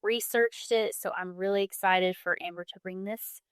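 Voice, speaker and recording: A woman's voice: medium pitch, steady tone, normal speed, clean tone, dry recording, clean studio sound. A woman hosting a podcast, chatting casually and joking with her guest. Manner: joking, playful interjections. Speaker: podcast host.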